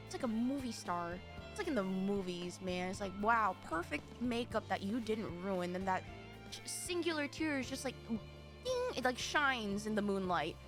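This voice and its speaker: A young woman streamer chatting with her live chat in an excitable, dramatic way, rambling and restarting as she goes. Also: high-pitched. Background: faint game music.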